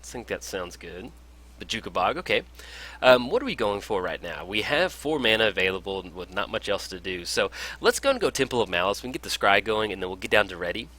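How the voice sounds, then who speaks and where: A man's voice: on the low side, very animated, a little fast, sharp tone. A man casually commentating his own card game match in an upbeat, chatty way, with frequent fillers. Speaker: gameplay commentator.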